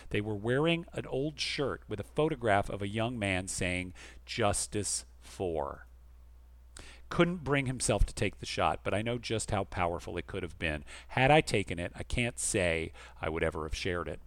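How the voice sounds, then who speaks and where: A man co-hosting a podcast, reading listener emails aloud expressively and going quiet and soft for the serious ones. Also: normal speed, no room sound. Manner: expressive reader, dropping soft and low for serious letters. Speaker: podcast co-host.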